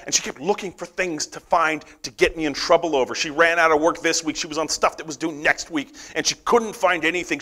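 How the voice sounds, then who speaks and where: Middle-aged American man, conference speaker, bright tone, animated storyteller who acts out voices. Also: on the high side, fairly quick, hardly any pauses. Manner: animated storyteller acting out quoted dialogue. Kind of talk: storytelling keynote talk.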